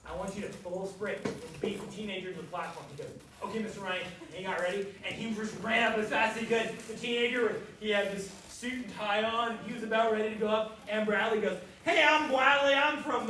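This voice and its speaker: Man, children's pastor, lively storytelling sermon, big echo, distant mic, background noise. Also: high voice. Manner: animated, acts out quoted voices and quizzes the kids. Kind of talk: kids church sermon with storytelling. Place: church room with children. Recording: very echoey room, voice from far off, noisy.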